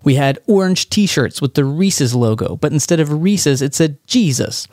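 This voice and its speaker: A man's voice: on the high side, expressive, moderate pace, a little mellow, no echo, clean studio sound. A man from Texas hosting a podcast, talking through a monologue in a conversational, wry way. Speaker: podcast host.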